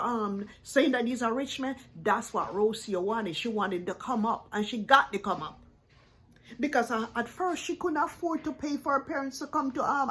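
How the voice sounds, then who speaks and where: A woman with a somewhat high-pitched voice delivers a ranting reaction commentary. She talks bluntly and scolds, lecturing the person she addresses point by point. She sounds middle-aged. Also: fairly bright tone, breathy edge. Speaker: YouTube reactor.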